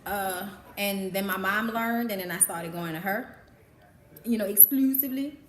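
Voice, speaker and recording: A woman's voice: mid-range voice, moderate pace. A woman with a New Orleans accent hosting a live Q&A as a vlogger, talking frankly and profanely and laughing often. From New Orleans, USA. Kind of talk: casual chat. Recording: roomy echo.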